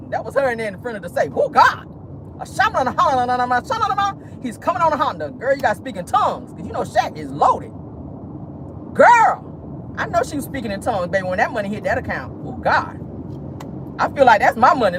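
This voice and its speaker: Animated sassy woman vlogging from a car. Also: high voice, background noise. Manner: exclamatory and sassy, calling out to the Lord, sprinkling in "honey" and "child". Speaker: celebrity gossip vlogger. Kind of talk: animated celebrity gossip commentary. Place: parked car.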